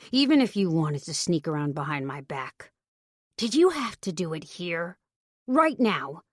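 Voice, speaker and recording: A woman voicing a furious, protective older brother in an audiobook, speaking low and slow through clenched anger. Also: no echo, studio quality.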